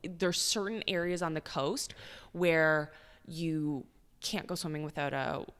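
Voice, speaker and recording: A woman's voice: low voice, fairly even intonation, a little slow, fairly bright tone, smooth, in a large hall. A young adult woman from Canada, a news reporter, chatting upbeat as a podcast guest. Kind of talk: casual podcast interview.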